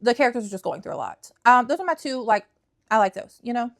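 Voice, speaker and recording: Sassy high-voiced woman reviewing books. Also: expressive, fast, vocal fry. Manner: sassy, emphatic, repeats lines for effect. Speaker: book reviewer. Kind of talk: casual vlog chat.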